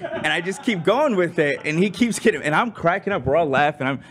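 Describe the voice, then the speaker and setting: A young man on a show's crew telling a rambling story in a casual, animated way, with lots of fillers. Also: on the high side, a little fast, slightly rough. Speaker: crew member.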